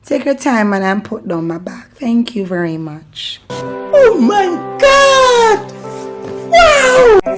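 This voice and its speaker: A Jamaican woman hosting her channel, teaching patois in a casual way, laughing often and slipping between patois and English. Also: lowish voice. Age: adult parent. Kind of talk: casual patois lesson and devotional talk.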